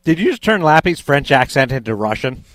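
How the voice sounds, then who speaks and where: A man's voice: mid-range voice, very animated, a little fast, very noisy. A man hosting a sports talk show, chatting conversationally with guests.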